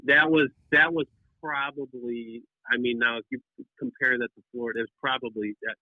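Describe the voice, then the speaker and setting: Male guest storyteller, animated and rambling, mid-pitched, on a tinny dry phone line. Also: fairly quick, no echo. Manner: animated, rambling with many restarts. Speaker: podcast guest, deer hunting writer. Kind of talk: casual storytelling.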